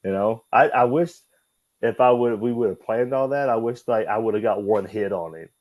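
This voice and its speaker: A man, a guest in an interview, telling animated, profane stories and acting out the dialogue. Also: lowish voice, normal speed, no room sound, highs cut off. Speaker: guest, former wrestler. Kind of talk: casual storytelling interview.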